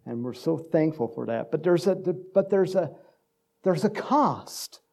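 A man's voice: fairly high pitch, animated, measured pace, creaky, dark tone. A middle-aged male pastor from Texas giving a casual, rambling sermon full of stories and laughter.

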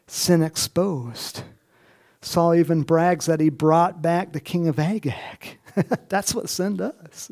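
A man with a slightly high, darkish voice preaches a sermon as a pastor, telling it casually like a story and often speaking straight to his congregation. He acts out Bible characters in different voices and keeps it conversational, with asides to the people in the pews.

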